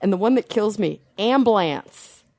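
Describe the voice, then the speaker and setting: A woman in a casual panel chat, expressive and quick to laugh. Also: low voice, dry recording. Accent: American.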